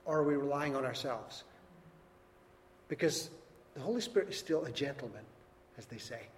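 A man's voice: medium pitch, animated, normal speed. Man preaching in a reverberant hall. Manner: earnest, emphatic preaching that swings between loud and soft. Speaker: pastor. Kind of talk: sermon. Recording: long reverb, faint background noise.

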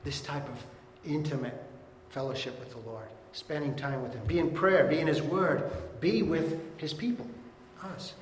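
A middle-aged man preaching a sermon as pastor, earnestly teaching and reading verses aloud slowly. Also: fairly high pitch, slight background noise. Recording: echoey hall with long reverb.

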